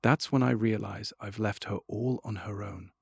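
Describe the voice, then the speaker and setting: A man narrating a children's storybook in first person, expressive and dropping to a hush at tense moments. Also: on the low side, moderate pace, creaky, husky, no room sound, studio quality. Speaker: audiobook narrator.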